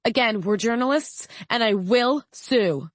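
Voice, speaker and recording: A woman's voice: a little high, lively intonation, a little slow, no echo, voice pushed up. Woman voicing young female journalist, defiant, clipped, audiobook.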